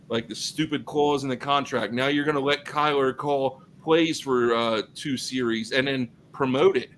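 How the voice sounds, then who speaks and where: This rough recording, carrying a faint hiss or hum, features a man with a mid-range voice co-hosting a football podcast. His casual sports talk is lively and loose, full of filler words.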